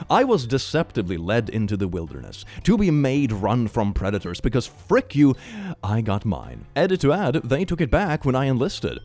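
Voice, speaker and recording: A man hosts a reaction show and reads posts aloud in a playful, theatrical way. His pitch swings widely and often jumps up into excited squeals. Soft music plays faintly behind him. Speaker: host. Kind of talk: reaction commentary reading posts.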